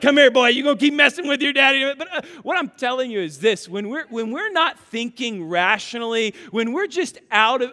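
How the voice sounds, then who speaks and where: A man's voice: high voice, fairly bright tone. A man preaching a sermon, telling stories with emphasis and acting out family members' voices. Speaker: pastor. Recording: hall reverb.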